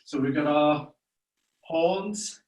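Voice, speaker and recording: A man with a fairly high voice leads a children's movement game, talking slowly and coaxing the little ones along. He sounds far from the mic in an echoey room. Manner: animated, coaxing, bursts into loud playful moos. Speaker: children's activity leader.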